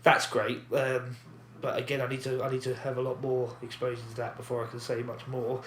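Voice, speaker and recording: A man co-hosting a podcast, chatting casually, animated and rambling with fillers and frequent laughs. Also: mid-range voice, a little fast. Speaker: podcast co-host. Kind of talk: casual chat. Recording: echoey room, faint background noise.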